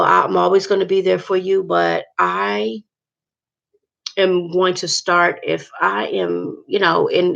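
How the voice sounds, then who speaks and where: A woman's voice: lowish voice, gravelly, fairly bright tone, dull audio. A woman vlogger talking earnestly to her viewers about faith, rambling and repeating herself.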